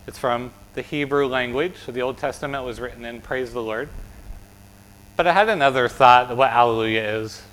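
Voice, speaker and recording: A man's voice: mid-range voice, normal speed, a bit bright, rough recording. A man with an American accent giving a children's sermon as pastor, chatty and asking the kids questions, tagging "right?" onto his points. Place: church sanctuary.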